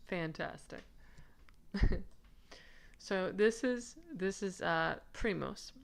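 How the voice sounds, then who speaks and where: A woman with a low, gravelly voice talks slowly through a casual lesson on a manuscript. She is chatty and giggly and rambles with restarts. She stops to answer viewer comments. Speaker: manuscript researcher presenting her findings.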